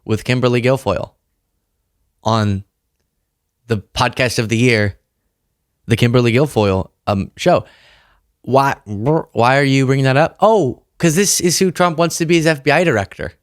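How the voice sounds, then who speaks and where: A man's voice: mid-range voice, moderate pace, long pauses, dry recording, studio quality. A man hosting a political commentary show, talking casually with a sarcastic, mocking edge.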